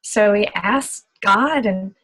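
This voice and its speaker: A woman telling a personal faith story as a testimony, retelling it with lively acted-out dialogue. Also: mid-range voice, takes it slowly, no room sound, poor audio. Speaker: ministry speaker.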